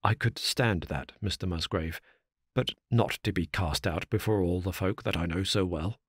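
A man doing a hoarse, desperate butler. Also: moderate pace, no echo, clean studio sound. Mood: pleading. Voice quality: hoarse, low voice. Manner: pleading, despairing. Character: desperate older male butler pleading.

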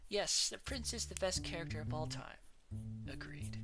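A young woman chats playfully through a game stream, giggling often. Her voice sits low but swings widely in pitch, with loud game music underneath. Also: animated, normal speed. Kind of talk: casual let's-play chat.

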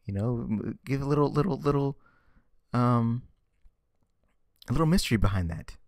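A vlogger with a medium-pitched, somewhat mellow voice talks at a moderate pace, ranting sarcastically about comics in casual commentary. He's exasperated, stammering and repeating himself frequently, captured at studio quality without room sound.

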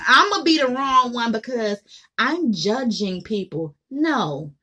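A woman's voice: fairly high pitch, sing-song, takes it slowly, pushed and bright. A woman vlogger giving a blunt, profane monologue to camera, mocking the people she talks about.

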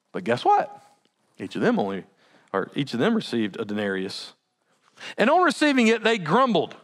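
Male pastor, high and lively voice, chatty preaching with laughing asides. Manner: animated, conversational, laughing asides. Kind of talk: sermon.

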